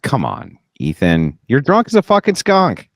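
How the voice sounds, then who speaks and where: A man's voice: mid-range voice, huge pitch swings, a little slow, gravelly, no room sound, clean studio sound. A man guesting on a livestream, blunt and teasing, insistent when interrupted. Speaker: guest, debate channel host. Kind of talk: heated livestream exchange.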